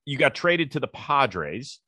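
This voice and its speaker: A man's voice: medium pitch, big pitch swings, slow pace, bright, forceful tone, slightly rough, no echo, clean studio sound. A man hosting a casual interview, chatty and teasing his guest. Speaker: interview host. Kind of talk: casual chat.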